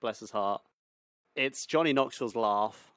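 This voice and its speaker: Young male co-host, smooth clear voice, relaxed, dry studio sound. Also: medium pitch, measured pace, dry recording. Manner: relaxed, enthusiastic, swears casually. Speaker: podcast co-host. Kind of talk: casual podcast chat.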